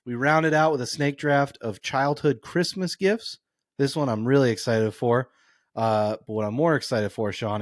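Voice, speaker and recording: A man's voice: mid-range voice, normal speed, dry recording. A young man co-hosting a casual sports podcast, laid-back with dry teasing humor. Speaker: podcast co-host.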